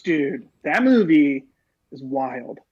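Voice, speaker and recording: A man's voice: on the high side, very animated, slow pace, husky, highs cut off. A man co-hosting a casual podcast, laughing often and agreeing with enthusiasm. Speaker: podcast co-host. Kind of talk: casual chat.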